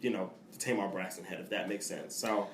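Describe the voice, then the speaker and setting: A man's voice: low-pitched, fairly even intonation, a little fast. Guy cohosting a podcast, talks blunt with lots of fillers, roomy echo, faint hiss. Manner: chatty, blunt, many fillers. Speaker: podcast co-host. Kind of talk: casual chat.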